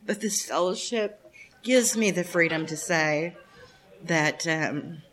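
A woman in her fifties shares a frank personal testimony at a recovery meeting, speaking straight to the room and swearing and laughing often. Her voice is fairly low and fairly bright, and she speaks slowly.

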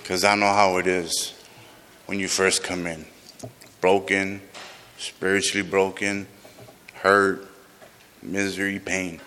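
A man's voice: low voice, level tone, takes it slowly, pauses often, pushed and bright, a little hiss or hum. A man sharing his recovery story with a group, raw and emotional, swearing often, heard in a large room. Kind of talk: personal recovery testimony to a group. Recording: long reverb of a large hall.

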